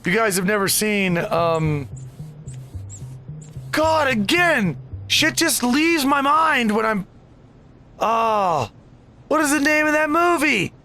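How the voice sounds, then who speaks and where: A man's voice: very high voice, lively intonation, takes it slowly, pauses often, bright, forceful tone, soft background music. A man hosting a casual let's play, rambling and easily distracted with chatty asides. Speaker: gaming video host.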